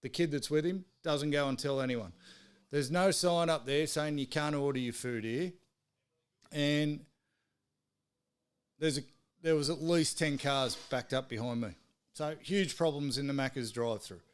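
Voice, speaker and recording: A man's voice: on the high side, a little slow, long pauses, smooth. A man with an Australian accent hosting a live sports stream, swearing freely as he tells exasperated stories. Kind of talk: casual ranting chat.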